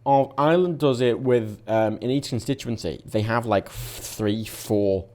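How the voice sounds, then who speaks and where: A man explains at length in casual podcast talk, stumbling and restarting as he goes. His voice sits at an ordinary middle pitch. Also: darkish tone. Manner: rambling, halting explainer with restarts. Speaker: podcast co-host.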